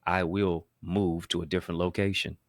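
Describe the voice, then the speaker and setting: A man with a very low, deep voice delivers a motivational talk straight to his listeners. He speaks emphatically, in a rolling, preacher-like cadence that leans on repetition and wordplay. The sound is dry and close, with no room around it. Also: flat delivery, normal speed, no room sound. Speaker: motivational speaker and show host.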